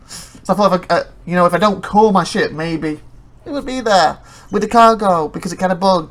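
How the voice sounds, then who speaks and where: Let's play host: mid-range voice, chatty, animated retelling, lots of restarts. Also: medium pitch, a little fast. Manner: chatty, excitable storytelling with laughs; self-correcting, rambling. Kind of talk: casual gameplay commentary.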